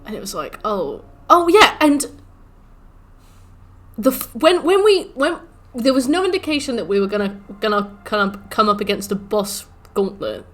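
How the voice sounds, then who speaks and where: A woman's voice: on the high side, animated, moderate pace. A young woman streaming a game, chatting casually and ranting with swearing as she mimics the game's taunts. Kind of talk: casual livestream chat while gaming.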